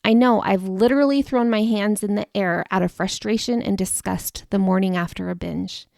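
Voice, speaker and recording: Earnest woman in her forties, gravelly edge. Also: mid-range voice, steady tone, moderate pace, darkish tone, no echo, clean studio sound. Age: 40s. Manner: earnest, confiding, addresses listener directly. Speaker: podcast host. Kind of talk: personal storytelling monologue.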